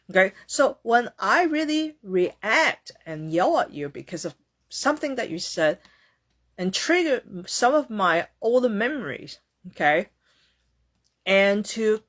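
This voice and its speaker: A woman hosting a casual self-help talk, often ending her points with "okay?" or "right?" and acting out quoted reactions in a higher voice. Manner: tags sentences with "okay?" and "right?". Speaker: host.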